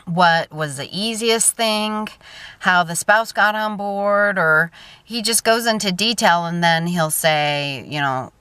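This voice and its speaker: A woman in her thirties talks straight to her viewers in a casual vlog, chatty and openly emotional, often trailing off and starting her thought over. Her voice is bright and crisp, sitting a little low. The sound is close and dry. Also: slow pace, no room sound. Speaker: vlogger.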